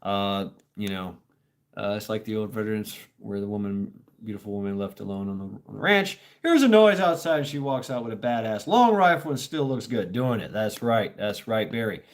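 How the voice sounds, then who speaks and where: A man's voice: lowish voice, lively intonation, moderate pace. A man from Tennessee hosting a casual livestream, telling stories in a rambling, blunt way with plenty of swearing and filler words. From Tennessee, USA. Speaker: livestream host.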